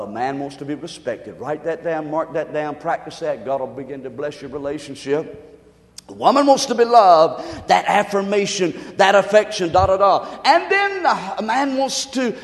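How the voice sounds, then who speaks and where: A man preaching a sermon in call-and-response style, swinging from quiet murmurs to shouts, in an echoey hall. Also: high voice.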